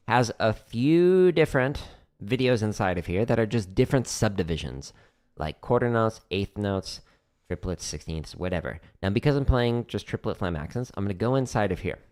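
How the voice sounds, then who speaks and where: Man, drum teacher, relaxed instructional livestream talk, fairly low voice. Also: normal speed. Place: home practice room. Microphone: studio microphone near drum setup.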